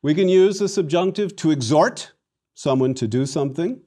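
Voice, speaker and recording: A man with a somewhat high voice and normal speed teaches Latin in a recorded lesson. He is theatrical and animated, drilling the class through repetition.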